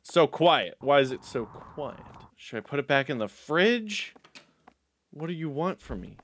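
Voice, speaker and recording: A young gaming YouTuber offers joking, sarcastic let's-play commentary as he plays a video game and banters with its characters, with game music in the background. His fairly high voice swings widely in pitch, is a bit bright, and keeps a measured pace.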